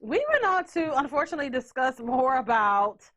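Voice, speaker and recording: A woman's voice: high voice, animated, fairly quick, a bit bright. A woman hosting a podcast in casual chat, brash, joking and profane. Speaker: podcast host.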